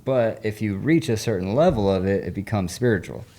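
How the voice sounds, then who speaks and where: A man guesting on an interview podcast as a recovery coach, his voice low and mellow. He talks in an earnest, rambling way, dropping casual slang as he tells a personal story. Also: animated, brisk.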